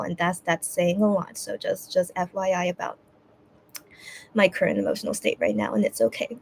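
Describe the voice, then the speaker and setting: A woman's voice: medium pitch, darkish tone, slight background noise. A young woman hosting a casual livestream chat. She hesitates and restarts often and sounds close to tears. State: teary, on the verge of crying. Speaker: livestream host.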